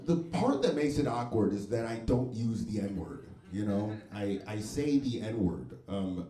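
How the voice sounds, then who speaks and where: A man doing a stand-up set in a comedy club, deadpan and wry, with very crisp, proper diction. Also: fairly low pitch. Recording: echoey club room.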